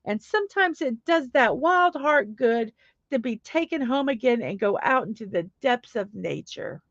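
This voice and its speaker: A woman's voice: on the high side, animated, moderate pace, dry recording, lo-fi sound. A middle-aged woman hosting a casual home livestream, chatty and upbeat, reading viewers' comments aloud. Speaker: livestream host.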